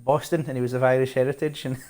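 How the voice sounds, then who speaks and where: A man from Glasgow with a Scottish accent, chatting casually and warmly with viewers while he plays a game live. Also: medium pitch, flat delivery, very fast. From Scotland, Glasgow. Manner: chatty, friendly, asks viewers questions, laughs often. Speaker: streamer.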